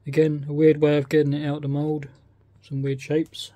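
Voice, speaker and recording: A man's voice: a little high, monotone, normal speed, mellow, no echo. A man with a British accent, casually talking through a model kit unboxing, often hesitant and thinking aloud. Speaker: scale model kit reviewer.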